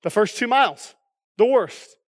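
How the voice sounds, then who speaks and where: Brief: high-pitched male pastor, chatty humorous sermon delivery, big reverberant church hall. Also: animated, unhurried. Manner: casual, joking preaching with frequent "okay?" asides.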